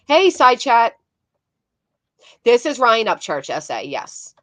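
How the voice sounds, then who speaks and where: A woman's voice: on the high side, very animated, takes it slowly, a bit bright, no room sound. A woman hosting casual commentary on video clips, blunt and swearing, talking to her chat between clips. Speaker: commentary host.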